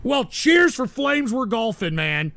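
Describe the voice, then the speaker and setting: A man's voice: very high voice, big pitch swings, takes it slowly, gravelly, fairly bright tone, no echo. A man hosting a livestream show, reading viewer donations and ranting at trolls with irritable, profane outbursts. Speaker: host.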